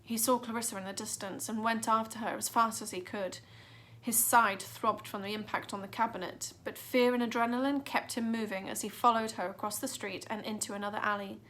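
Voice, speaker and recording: Expressive woman reading a storybook aloud. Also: on the high side, fairly quick. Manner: dramatic, expressive. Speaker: narrator.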